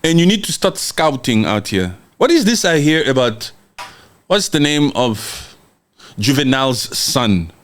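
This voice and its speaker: A man's voice: medium pitch, very animated, unhurried, fairly bright tone. A man from Congo hosts a podcast livestream, reading viewer comments and speaking in a heated, emphatic way, often repeating words. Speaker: podcast host.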